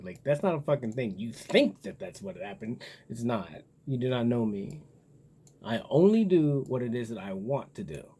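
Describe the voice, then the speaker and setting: A man's voice: mid-range voice, very animated, moderate pace, warm tone, breathy edge. A man talking in a casual, rambling monologue, blunt and profane as he muses aloud. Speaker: vlogger.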